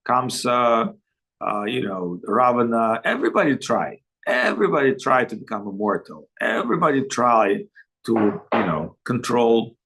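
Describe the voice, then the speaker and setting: A man acting as a spiritual teacher, giving a talk over a video call. He tells joking anecdotes in halting, broken phrasing. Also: mid-range voice, vocal fry, a bit bright, husky, rough recording. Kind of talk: spiritual talk answering questions.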